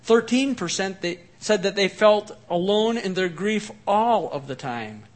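A man preaching a sermon as pastor, earnest and varying his loudness for emphasis. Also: high-pitched.

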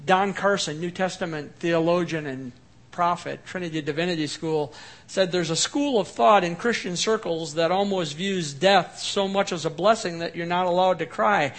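High-voiced man preaching a sermon. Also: normal speed, a bit bright. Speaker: pastor.

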